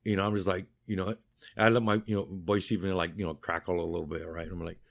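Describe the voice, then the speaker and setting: Older male interview guest, lower voice, dry humor, lively storyteller who acts out the people he quotes. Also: a little fast, gravelly. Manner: wry humor.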